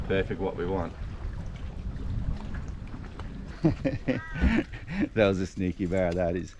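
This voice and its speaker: A man's voice: low-pitched, little pitch movement, fast, noisy background. An Australian man vlogging from his fishing boat, telling a rambling, self-deprecating story with frequent laughs. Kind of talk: casual storytelling to camera. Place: outdoors on a river boat.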